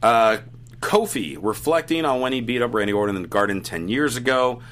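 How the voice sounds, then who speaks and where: Guy running a chatty podcast recap, bright forceful tone, mid pitch. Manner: brisk recapping, quick quips. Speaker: podcast host. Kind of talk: casual recap chat.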